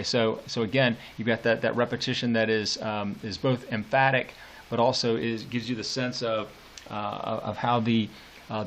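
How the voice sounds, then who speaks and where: Man lecturing on poetry, halting. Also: medium pitch. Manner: thinking aloud with frequent fillers and restarts; explanatory, patient lecturing. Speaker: literature teacher. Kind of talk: recorded lecture annotating a poem.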